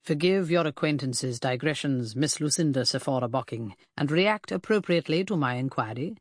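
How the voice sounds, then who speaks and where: A woman reading an audiobook, voicing a pedantic Victorian gentleman detective who speaks slowly and precisely with cold condescension. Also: low voice, lively intonation, dry recording, clean studio sound. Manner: slow, precise, clipped, condescending. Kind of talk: audiobook character voice.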